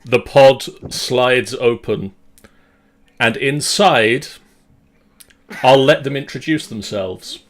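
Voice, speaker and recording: Slow-speaking man as game master. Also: medium pitch. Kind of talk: narrating a tabletop game.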